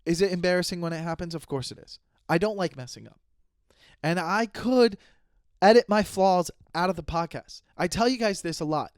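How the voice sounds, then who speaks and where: A man's voice: high voice, moderate pace, clear, resonant tone, no echo, clean studio sound. A man in his thirties hosting a solo comedy podcast, rambling and self-aware, making jokes and often restarting his sentences. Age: 30s. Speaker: podcast host.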